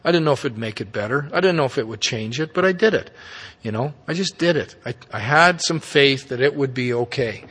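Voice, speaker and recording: A man's voice: medium pitch, lively intonation, fairly quick, fairly bright tone, breathy edge. A middle-aged man, giving a candid, profane personal recovery talk with folksy tag questions. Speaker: speaker at a recovery meeting. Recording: long reverb of a meeting hall.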